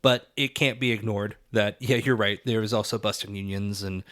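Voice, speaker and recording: A man's voice: lowish voice, fairly even intonation, normal speed, a bit bright. A man co-hosting a film-history podcast in a casual, thoughtful way, with fillers now and then. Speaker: podcast co-host.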